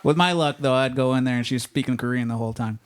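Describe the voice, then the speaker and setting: A man's voice: medium pitch, quick pace. A man doing a stand-up set on a comedy club stage, rambling and conversational, asking the crowd if they know what he means.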